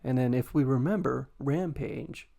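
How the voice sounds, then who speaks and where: A man's voice: medium pitch, measured pace, gravelly, mellow. A man hosting a podcast, casually recapping a story, laughing often and swearing in a self-deprecating way. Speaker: podcast host.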